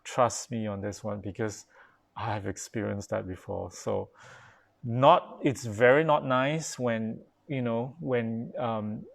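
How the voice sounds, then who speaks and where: This Buddhist pastor has a gravelly, mid-range voice and speaks slowly during his live-streamed dharma talk. He keeps things casual and conversational, using lots of fillers and restarting often, and every so often he responds to comments from viewers.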